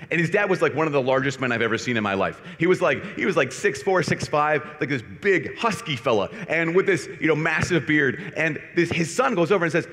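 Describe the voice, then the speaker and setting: A man, a Catholic priest, gives a homily to a youth conference, telling a story in an animated, self-deprecating way. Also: on the high side, a little fast, hardly any pauses. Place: large conference hall. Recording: echoey hall reverb.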